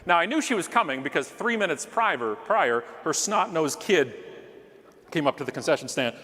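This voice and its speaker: Animated man telling a story on stage. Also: a little high, moderate pace. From Canada. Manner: animated, acts out yelling characters, jokey asides. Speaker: keynote speaker. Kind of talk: comedic keynote storytelling. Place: large conference hall stage. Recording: long hall reverb, faint room noise.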